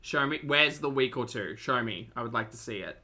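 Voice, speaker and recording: A woman's voice: extremely low pitch, expressive, fairly quick, crowd noise. A woman streaming live, reacting to videos with sarcastic, teasing commentary and thanking her chat.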